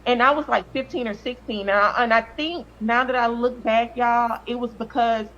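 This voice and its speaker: A woman's voice: a little high, fairly even intonation, moderate pace, a bit bright, muffled recording. A woman giving earnest, emotional personal testimony as a guest, often repeating words. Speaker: cast member and guest.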